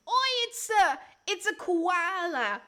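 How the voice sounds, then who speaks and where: A woman's voice: very high-pitched, noisy background, voice pushed up, exaggerated voice. A woman putting on a brash, stumbling, exaggerated mock Australian accent as a joke. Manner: loud, jokey, stumbling. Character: brash exaggerated Aussie larrikin, bumbling.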